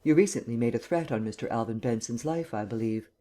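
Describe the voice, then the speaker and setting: A man's voice: medium pitch, fast talker, dark tone, close to an everyday voice. A man reading a cold, formal prosecutor. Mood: cold, probing. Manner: level, cold questioning. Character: stern district attorney, cold and formal.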